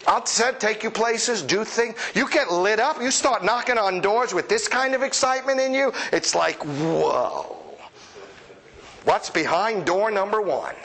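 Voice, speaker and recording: An animated male preacher with a fairly high voice delivers a lively sermon. He talks playfully and acts out the voices of the people he describes. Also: normal speed, few pauses. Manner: animated, acts out quoted voices, chuckles often. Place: church service with congregation.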